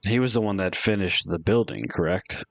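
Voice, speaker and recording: A man playing a tabletop game, speaking calmly in and out of character. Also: low-pitched, normal speed, gravelly, no room sound, faint music behind. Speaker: player. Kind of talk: casual tabletop play.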